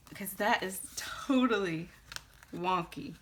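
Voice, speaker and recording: Low-voiced woman gushing over a craft. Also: animated, unhurried, background noise. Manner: chatty, gushing, thinks aloud while working. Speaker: card-making demonstrator. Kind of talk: casual crafting tutorial.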